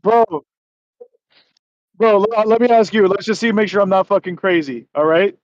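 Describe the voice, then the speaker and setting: A man's voice: high-pitched, normal speed, no echo, dull audio. A man in casual chat, emphatic and argumentative, swearing and calling his friend bro.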